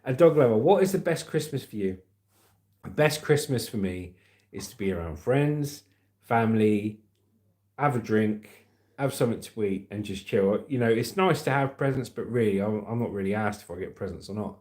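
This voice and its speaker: A man's voice: on the low side, expressive, normal speed, a little mellow. A middle-aged man from the UK hosting a casual livestream, joking and reading viewer comments aloud. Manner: chatty, jokey, reads comments aloud. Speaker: livestream host.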